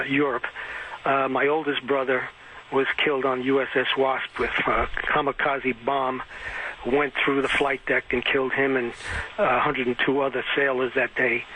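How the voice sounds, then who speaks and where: An older man calling in to a talk radio show, speaking haltingly with many pauses. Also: medium pitch, bright, forceful tone. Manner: halting, many fillers and restarts. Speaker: caller. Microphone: phone. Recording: dull lo-fi phone line with faint hiss.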